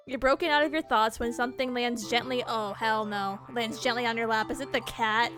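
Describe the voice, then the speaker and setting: A high-pitched woman streamer reads a horror game's text aloud and breaks into quick, jumpy reactions with frequent laughter. Game music plays clearly behind her voice. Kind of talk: live gameplay commentary, reading game text aloud.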